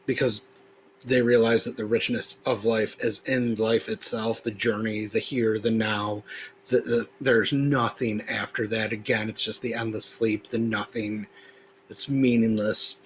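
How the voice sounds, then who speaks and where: A man hosting a podcast, reading a text aloud slowly and with weighty emphasis, then explaining it in loose, casual talk. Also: on the low side, flat delivery, a bit bright, a little hiss or hum, rough recording. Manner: slow, emphatic recitation when reading; loose, conversational, with fillers when explaining. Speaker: podcast host.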